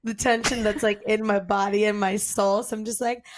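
A woman's voice: medium pitch, level tone, moderate pace, background noise. A young woman co-hosting a podcast, giggly and playful in casual chat. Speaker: podcast co-host.

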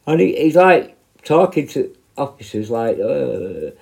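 A man's voice: medium pitch, sing-song, a little slow, vocal fry, a little mellow. Blunt, foul-mouthed British man. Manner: blunt, heavily profane, rambling with restarts. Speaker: former prison officer telling stories. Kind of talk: casual anecdote.

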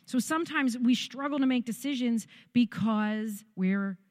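A woman's voice: on the high side, unhurried, a little mellow, no room sound, studio quality. A middle-aged woman pastor, giving a conversational, encouraging sermon straight to her congregation.

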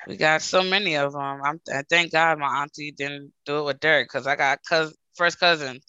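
A woman's voice: low voice, moderate pace, clean tone, no echo, highs cut off. A woman co-hosting a podcast, chatting casually and telling jokey family stories. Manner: animated, joking storyteller. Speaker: podcast co-host. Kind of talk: casual chat.

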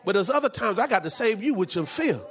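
A man's voice: high voice, sing-song, quick pace, fairly bright tone, slightly rough. A man preaching a sermon as pastor, fervent and repetitive, dropping in frequent amens.

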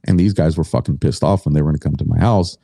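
A man's voice: very deep voice, fast talker, gravelly, dark tone, breathy edge, dry recording, studio quality. A middle-aged man telling his story as a podcast guest, blunt and indignant, swearing freely.

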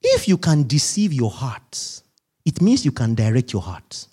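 A male pastor delivering a humorous, animated sermon to his congregation. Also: medium pitch, unhurried, slightly rough.

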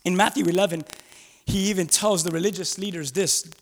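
High bright-voiced male preacher in a reverberant hall. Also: a little fast. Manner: animated, acts out quoted voices, rhetorical questions. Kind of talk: conversational sermon. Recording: long reverb of a large hall.

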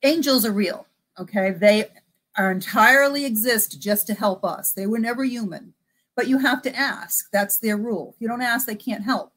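A middle-aged woman, a psychic medium, chatting in an interview and acting out both sides of remembered conversations with lively energy. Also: a little high, normal speed. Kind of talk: casual interview storytelling.

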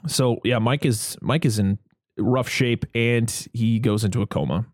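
A podcast host with a medium-pitched voice chats casually and without hurry, recapping a film. He laughs often and acts out the characters' lines, recorded with studio quality and no room sound.

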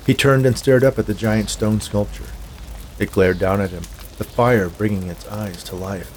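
A man reading a dark tale aloud in a measured, scripted storytelling manner. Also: lowish voice, slight background noise. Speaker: narrator. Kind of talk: scripted audiobook narration.

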